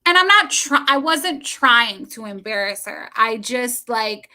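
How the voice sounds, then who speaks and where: A woman's voice: a little high, animated, unhurried, bright, forceful tone. A middle-aged woman chatting casually with viewers on a livestream from home, rambling and laughing often.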